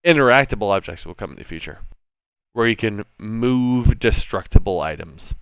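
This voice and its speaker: Lively, smooth-voiced man running a game. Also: lowish voice, normal speed, no room sound. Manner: animated, enthusiastic, expressive. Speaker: game master. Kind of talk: explaining a tabletop game setup.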